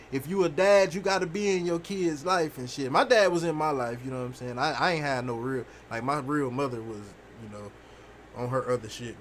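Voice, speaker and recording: A young man casually telling a rambling, profane story while streaming a game, animated and full of fillers. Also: mid-range voice, a little hiss or hum. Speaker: gaming streamer.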